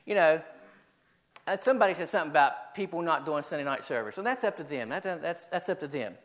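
A man preaching a sermon to a church congregation, animated and building to rallying calls, then dropping to quieter reflection. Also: on the high side, fast talker. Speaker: pastor. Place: church service.

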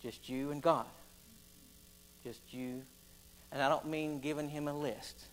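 A man preaching a folksy sermon, building to loud, emphatic stretches. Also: fairly high pitch, steady tone, a little slow, faint music behind, poor audio. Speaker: pastor.

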